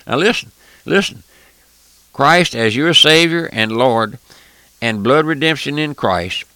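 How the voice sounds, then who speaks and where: Male radio preacher, fervent and emphatic, bright forceful voice, dry sound. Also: medium pitch, animated, a little slow, clean tone, no room sound. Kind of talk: radio sermon.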